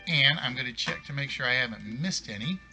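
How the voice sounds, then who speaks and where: A man's voice: mid-range voice, animated, brisk, music in the background. A man hosting a live game stream, chatting casually and rambling, correcting himself as he goes. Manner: rambling, self-correcting, apologetic. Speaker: game show stream host.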